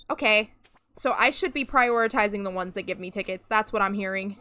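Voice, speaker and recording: Bright-voiced young woman streamer chatting. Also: medium pitch, fairly even intonation, brisk. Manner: chatty, hums and makes little sounds to herself. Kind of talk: casual gameplay chatter.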